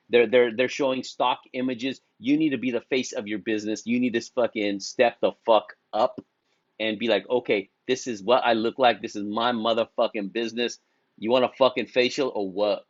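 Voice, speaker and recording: A man's voice: mid-range voice, dry recording, highs cut off. A man giving a blunt, profane motivational talk to beauty professionals, full of slang and restarts, laughing at his own jokes. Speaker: beauty business coach. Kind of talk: casual motivational talk to camera.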